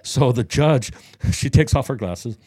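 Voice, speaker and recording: A man co-hosting a podcast, telling a story in casual banter and acting out the voices of the people in it. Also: a little slow. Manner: animated, acts out quotes with a higher voice. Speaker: podcast co-host. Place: Daytona Beach, Florida.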